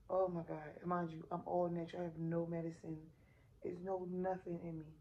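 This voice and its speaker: Woman, 30s, AAVE, family vlogger. Exhausted, animated storyteller, low dark voice, light room noise. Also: normal speed, lo-fi sound. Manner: animated retelling, acts out quotes, addresses viewers as y'all. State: exhausted and sore after giving birth. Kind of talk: casual storytelling vlog. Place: hospital room.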